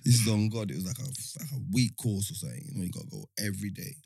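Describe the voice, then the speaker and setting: A man's voice: lowish voice, expressive, very fast, gravelly, a little mellow, husky, no room sound. A young man tells a slang-heavy story in casual chat, acting out the dialogue of the people in it. The sound is dry and close.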